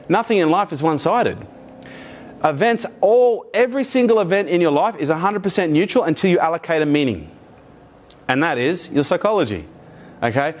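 A man giving a live motivational keynote to an audience, swearing freely and acting out quoted voices. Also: a little high. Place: conference room with live audience.

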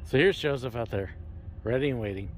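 A brisk, medium-pitched host gives a casual tour of a Roman amphitheater in the open air, with a little hiss or hum audible. He's somewhat out of breath and speaks into a handheld camera lacking a microphone. His manner is animated, with showman-like projection now and then.

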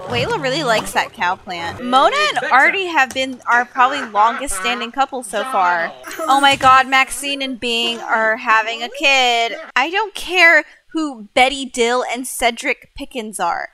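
A young woman giving casual, expressive commentary over her own gameplay, often exasperated and swearing mildly. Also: sits high, a little slow, a crowd in the background. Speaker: gaming YouTuber.

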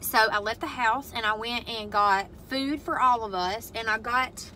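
Slightly high and sharp-toned, a woman speaks at a measured pace as she vents to the camera from her parked car, cursing bluntly about a family fight. She's a mother and vlogger, and the low-quality recording carries slight background noise.

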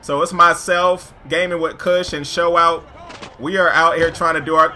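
Hyped man calling his basketball game. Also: moderate pace. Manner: hyped, swings between loud shouts and low asides. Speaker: gaming YouTuber commentating his own play. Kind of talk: excited gameplay commentary.

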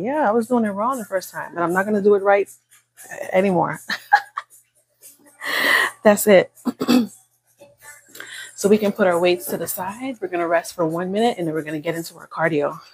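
A woman's voice: fairly low pitch, slightly rough, low-quality recording. A woman fitness instructor leading a live workout class from a phone in an indoor room. She counts reps and coaches in a casual, encouraging way. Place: indoor room on an upper floor. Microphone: phone livestream.

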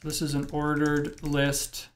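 A man's voice: a little high, monotone, measured pace. A man teaching web programming in a screencast lecture, thinking aloud and explaining step by step as he types.

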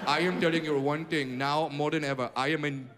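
A man's voice: a little high, fairly even intonation, fairly quick, background noise, voice pushed down, lightly acted. A man putting on an Indian accent to voice a frantic male friend who begs for computer help in an overly polite way. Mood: pleading. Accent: Indian, put on.

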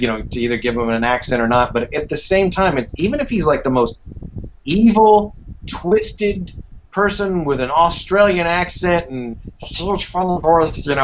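Male voice actor as interview guest, mid-pitched, reflective and rambling, on slightly muffled audio. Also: slight background noise. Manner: reflective, rambling with many fillers. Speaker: voice actor and acting teacher. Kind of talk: casual interview chat.

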